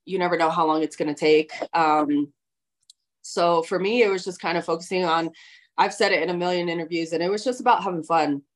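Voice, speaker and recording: A woman guest in a casual interview, relaxed and easygoing with many fillers. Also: fairly low pitch, brisk. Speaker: guest athlete.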